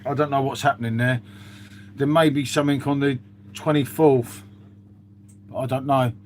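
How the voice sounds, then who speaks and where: A man's voice: mid-range voice, fairly even intonation, moderate pace, slight background noise. A man chatting casually on a live stream, reading out viewer comments with lots of "mate" and "um".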